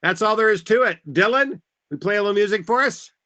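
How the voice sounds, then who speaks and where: A man's voice: sits high, quick pace, sharp tone, highs cut off. A man leading a group line dance as event facilitator, upbeat and calling out steps and counts over a video call.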